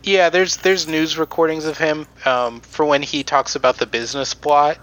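A man's voice: on the high side, steady tone, normal speed, fairly bright tone, rough recording. A man on a podcast presenting research in casual chat, with many ums and restarts.

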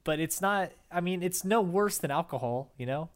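A man's voice: on the high side, expressive, moderate pace. Rambling young man in casual chat. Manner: rambling, many fillers and restarts. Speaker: podcast co-host.

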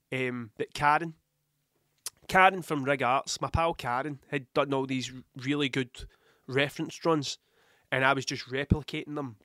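A Scottish podcast host with a cold coughs now and then as he rambles through a blunt, heavily sweary casual monologue. His voice is mid-range and a bit bright, recorded at studio quality with no room sound.

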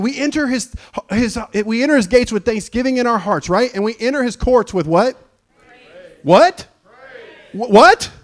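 A male pastor preaching a sermon in an emphatic call-and-response manner, quizzing the congregation. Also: sits high.

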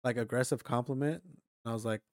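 A man's voice: mid-range voice, fairly quick, no room sound, clean studio sound. A young man co-hosting a podcast, telling a story in casual chat, swearing a lot and saying "like" constantly. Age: young adult. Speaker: podcast co-host.

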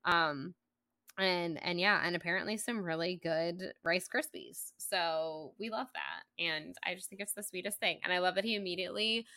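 A woman's voice: on the low side, animated, moderate pace, pushed and bright, no room sound. A woman co-hosting a podcast, gushing in chatty, casual talk full of "like". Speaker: podcast co-host. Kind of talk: casual book-club chat.

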